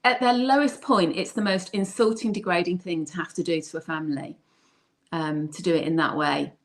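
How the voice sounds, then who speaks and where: A woman's voice: lowish voice, fairly even intonation, fairly quick. A woman co-hosting a casual discussion, speaking candidly and emphatically. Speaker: co-host.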